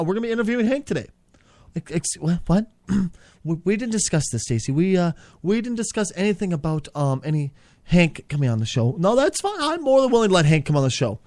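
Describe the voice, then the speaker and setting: Male comedy host, high and very animated, bickering and cursing, leaps between squeaks and growls. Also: no echo, clean studio sound. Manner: flips between squeaky outbursts and low grumbling, swears a lot. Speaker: podcast host.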